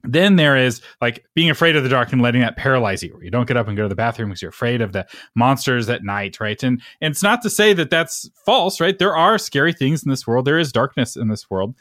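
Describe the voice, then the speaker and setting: A man's voice: mid-range voice, big pitch swings, brisk, hardly any pauses, a bit bright, no room sound, clean studio sound. A man explaining ideas in a casual faith conversation with a preacher-like manner, often checking in with "right?".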